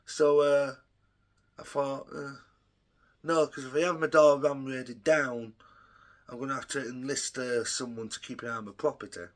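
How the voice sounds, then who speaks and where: A man's voice: medium pitch, fairly even intonation, a little slow, pauses often. A young man telling a rambling, profane story in a casual vlog, full of ums and uhs. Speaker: vlogger.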